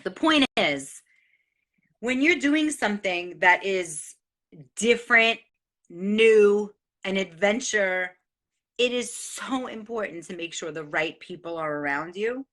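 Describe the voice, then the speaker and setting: A middle-aged woman from New gives an excitable, profane motivational monologue as the host. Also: medium pitch. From New York. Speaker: host sharing life advice.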